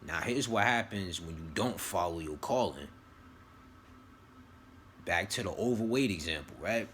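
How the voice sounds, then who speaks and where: A man's voice: deep voice, animated, unhurried, fairly bright tone, slight background noise. A man giving a casual, rambling motivational monologue on spiritual calling, slang-heavy and profane, often repeating himself. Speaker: vlogger giving spiritual advice.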